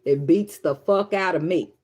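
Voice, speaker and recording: A woman reads tarot in a relaxed, profane, joking way. Her voice sits slightly low for a woman. She drifts from reading the cards into quiet singing and teasing asides. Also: normal speed. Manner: profane, joking, sings along softly between readings. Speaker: tarot reader.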